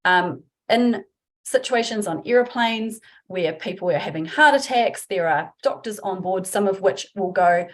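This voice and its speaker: A woman's voice: mid-range voice, animated, unhurried. A woman giving a webinar talk as a workplace trainer, chatty and informal, acting out example phrases. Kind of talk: webinar presentation.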